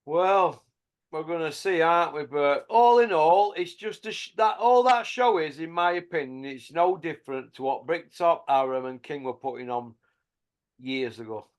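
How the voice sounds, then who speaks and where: A man's voice: on the high side, expressive, moderate pace, clean tone. A man, blunt and mocking, chatting casually about boxing as a podcast host.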